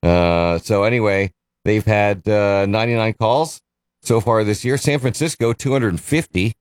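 Low-voiced male morning radio host. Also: unhurried, smooth, no room sound, studio quality. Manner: rambling, self-correcting, chuckles. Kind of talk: casual morning radio chat.

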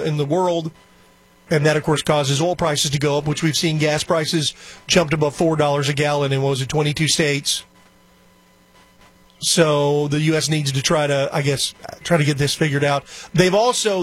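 A man's voice: a little high, dry recording. A man hosting a talk radio show, chatting in a rambling, opinionated way. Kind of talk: casual talk radio commentary. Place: radio studio.

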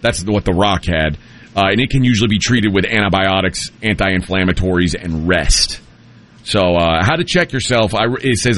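A man's voice: low-pitched, normal speed, a bit bright. Casual male radio host. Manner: jokey, reads aloud with asides. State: has the hiccups. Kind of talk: casual morning radio banter.

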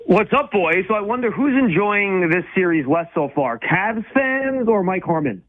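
Fast-talking man on a tinny line. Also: high-pitched, expressive. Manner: fast, emphatic, with repeated restarts. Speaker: sports radio co-host. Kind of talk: casual sports talk.

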